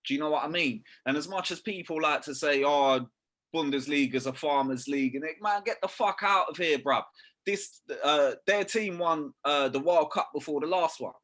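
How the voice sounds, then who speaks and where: A man's voice: on the high side, moderate pace, fairly bright tone. Young man, casual football rant, slangy, profane. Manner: slangy, swearing, keeps saying "bruv". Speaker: podcast co-host.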